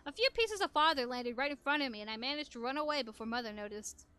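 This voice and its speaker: A woman reading a visual novel aloud in expressive first-person narration on a headset mic. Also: sits high, quick pace, background noise. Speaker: gameplay narrator.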